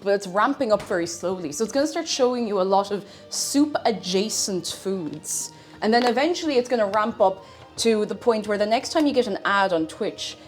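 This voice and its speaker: A woman streaming live, chatting casually with viewers in a playful, giggly way, humming to herself now and then. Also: fairly high pitch. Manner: chatty and playful, laughs often, hums to herself.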